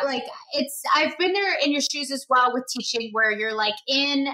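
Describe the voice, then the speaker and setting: Woman, podcast host, chatty, affirming, slightly higher pitch, sharp tone. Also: lively intonation, moderate pace, few pauses, rough recording. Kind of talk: casual interview.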